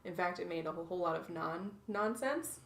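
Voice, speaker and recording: Woman in her twenties, low gravelly voice, reflective and halting, echoey room, mic set back. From North Carolina, USA. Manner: reflective, with many fillers and restarts. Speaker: guest. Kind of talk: casual interview chat. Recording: echoey room, distant mic, faint noise.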